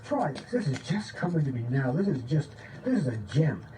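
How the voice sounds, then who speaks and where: A man giving an informal, excited spiritual talk, often checking in with "okay?" and sometimes dropping to a low voice to demonstrate. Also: normal speed, soft background music. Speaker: spiritual teacher. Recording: distant mic with faint background noise.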